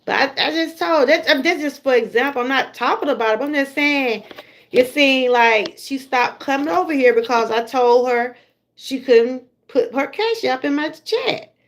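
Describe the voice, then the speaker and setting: A woman's voice: sits high, animated, moderate pace. A middle-aged woman with a Southern US accent, chatting casually to her viewers on a livestream and laughing often. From Georgia, USA. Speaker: livestream host.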